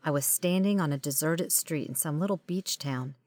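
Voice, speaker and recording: A woman with a low, somewhat dark voice reads a first-person audiobook at a moderate pace, with no room sound. Her storytelling is wry and conversational.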